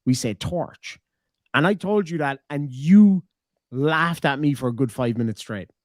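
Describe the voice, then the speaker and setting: A man's voice: fairly high pitch, unhurried, no room sound. An Irish man chatting on a livestream, swearing often and teasing in casual banter. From Ireland. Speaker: streamer.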